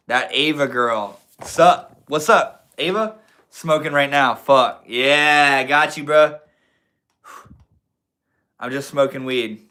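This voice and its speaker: Young male streamer with a bright, forceful voice. Laid-back, slangy and swears freely while chatting with his viewers. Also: fairly high pitch. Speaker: livestream host. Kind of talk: casual livestream chat reading comments.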